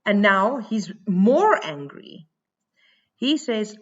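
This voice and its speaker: In a recorded lesson, a female teacher speaks slowly and thinks out loud, padding her pauses with "um." Her pitch is ordinary and her delivery has a sing-song lilt, while the audio sounds somewhat dull and lo-fi.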